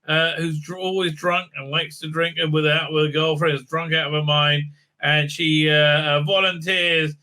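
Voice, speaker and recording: A man's voice: a little high, level tone, moderate pace, sharp tone. A man rambling through a casual, sarcastic review recap, full of filler sounds and digressions. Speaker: YouTube reviewer.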